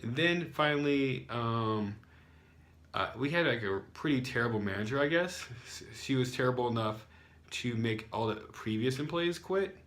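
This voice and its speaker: A man's voice: medium pitch, expressive, moderate pace, fairly bright tone. Rambling American guy telling a story. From United States. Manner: rambling, frequent fillers, sarcastic asides. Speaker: English teacher. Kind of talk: casual storytelling vlog.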